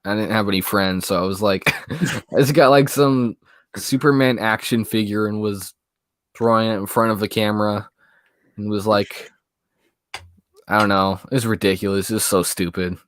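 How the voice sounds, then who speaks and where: A man's voice: fairly low pitch, steady tone, moderate pace, pauses often, no room sound. A young man speaks as a guest in a casual interview. He rambles and hedges, leaning on fillers and trailing off. The sound is dry and close, with no room around it. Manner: hesitant, rambling, many fillers and "I don't know". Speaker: guest, movie YouTuber.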